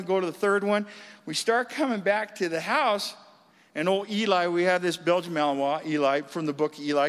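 A man giving an animated church testimony, acting out the voices in his story. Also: high-pitched, long reverb tail.

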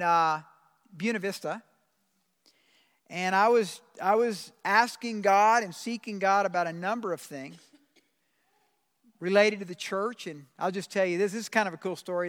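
A pastor preaches a sermon to his congregation in a fairly bright voice pitched quite high for a man. Earnestly, he reads scripture aloud and drags out the phrases he wants to stress, his voice ringing with the long reverb of a large sanctuary.

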